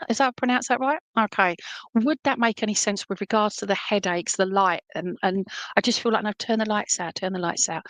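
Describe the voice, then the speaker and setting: A woman medium gives a chatty, rambling clairvoyant reading and keeps checking in with her listener. Her mid-pitched voice has a gravelly rasp, recorded dry and close. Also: a bit bright, no echo. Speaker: spiritualist medium.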